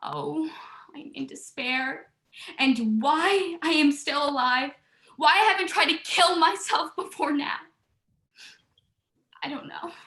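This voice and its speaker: A woman's voice: extremely high pitch, unhurried, bright, forceful tone, reverberant, exaggerated voice. A young actress playing a despairing young woman, weary of her life, speaking in anguished, repeating words. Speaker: student actor. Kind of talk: stage drama monologue.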